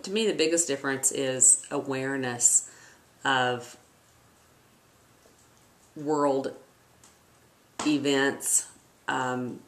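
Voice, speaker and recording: A man giving slow, reflective interview answers. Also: medium pitch, a bit bright. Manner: measured and reflective. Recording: roomy echo.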